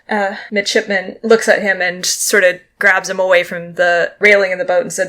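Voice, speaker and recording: A woman's voice: mid-range voice, steady tone, bright, forceful tone, rough recording. Woman narrating as game master. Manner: quick, playful narration with laughter.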